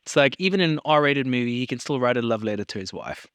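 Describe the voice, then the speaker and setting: A young man co-hosting a casual podcast, talking excitably and swearing freely. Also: medium pitch, fast talker, clear, resonant tone, no room sound, studio quality. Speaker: podcast co-host.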